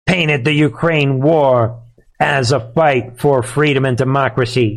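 Man, live commentary host, middle pitch, sarcastic, emphatic, ranting, talks straight to listeners. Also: steady tone, measured pace, gravelly.

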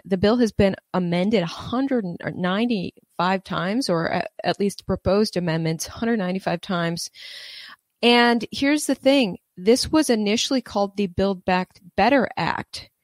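A woman's voice: mid-range voice, no echo. A woman giving casual, sarcastic political commentary, reading quotes aloud between frequent fillers.

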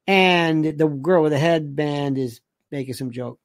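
A man's voice: on the high side, unhurried, few pauses, dry recording. A man in his sixties rambling through a movie memory, acting out quoted lines as he goes. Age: 60s. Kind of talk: casual storytelling monologue.

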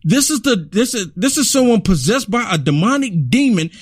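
A man's voice: high voice, big pitch swings, normal speed, breathy edge, dry recording, clean studio sound. A man giving outraged political commentary over video clips, repeating himself and urging listeners. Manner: indignant, repetitive, urging.

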